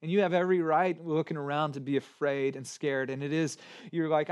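A man in his forties preaching a sermon, moving between gentle near-whispers and urgent appeals. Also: a little high, steady tone, fairly quick, smooth. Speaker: pastor.

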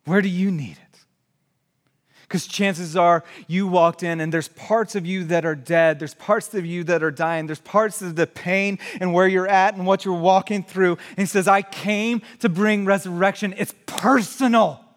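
A man delivers a sermon in a fairly high voice, dropping to hushed, nearly whispered lines before building to loud, impassioned shouts. The sound carries a long reverb, as in a large church sanctuary. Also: fairly even intonation, a little slow. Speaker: pastor.

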